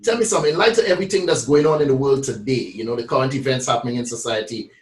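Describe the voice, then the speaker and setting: A man's voice: mid-range voice, racing, reverberant, far from the mic, poor audio. A man interviewing a songwriter, asking questions in careful, slightly grand wording. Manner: articulate, slightly grand phrasing.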